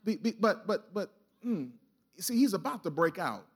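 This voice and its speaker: A man's voice: high-pitched, very animated, normal speed, breathy edge. A man preaching a sermon in a church, exhorting the congregation with call-and-response and casual, colloquial asides. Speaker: pastor. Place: church sanctuary.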